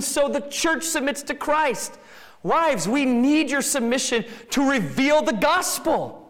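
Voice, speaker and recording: Pastor guy preaching, pretty high voice, casual then punchy, echo from the hall. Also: a bit bright. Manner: conversational preaching, rising to emphatic bursts. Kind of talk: sermon. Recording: reverberant hall.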